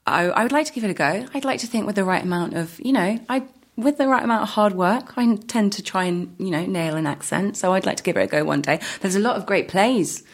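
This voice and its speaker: A woman's voice: mid-range voice, quick pace. A woman, an actor chatting as a guest in an interview, laughing often and restarting her sentences. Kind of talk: casual interview chat.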